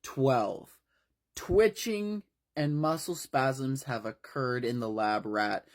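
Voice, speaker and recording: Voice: mid-range voice, slow. Wry, casual book-retelling narrator. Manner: wry, conversational, with fillers.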